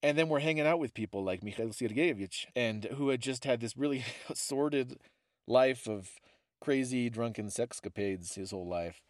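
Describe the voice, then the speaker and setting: A man co-hosting a podcast, telling animated stories and laughing often. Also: medium pitch, normal speed, no room sound, studio quality. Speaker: podcast co-host. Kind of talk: casual storytelling chat.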